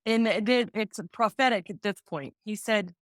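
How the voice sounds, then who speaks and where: A woman's voice: mid-range voice, moderate pace, dry recording, clean studio sound. A woman in her fifties, a real estate agent, telling a personal story in an interview and acting out the conversations she remembers. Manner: heartfelt, acts out remembered dialogue.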